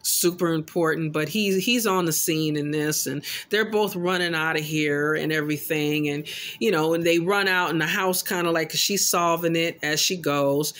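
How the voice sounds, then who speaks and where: A man casually recapping a horror film in an animated, loosely paraphrasing storytelling way. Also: on the high side. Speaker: film commentator.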